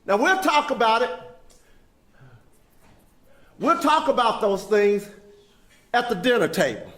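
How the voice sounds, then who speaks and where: A man's voice: high voice, a bit bright. An older man giving an impassioned, preacher-like speech to an audience. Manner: preacher-like call and response. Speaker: keynote speaker. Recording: echoey hall.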